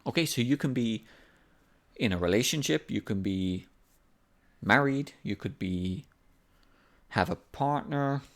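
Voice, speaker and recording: A man's voice: mid-range voice, animated, unhurried. A man teaching an English lesson in a casual, patient way, repeating examples to explain them. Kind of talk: language lesson.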